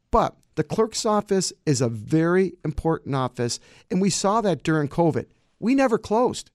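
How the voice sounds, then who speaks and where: A man's voice: fairly high pitch, darkish tone, no echo, studio quality. A man, a county clerk answering campaign interview questions in an emphatic, combative way.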